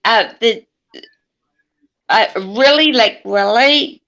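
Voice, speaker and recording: Slow Northern Irish woman, bright voice. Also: a little high, lo-fi sound. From Northern Ireland. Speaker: panel guest. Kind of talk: casual chat.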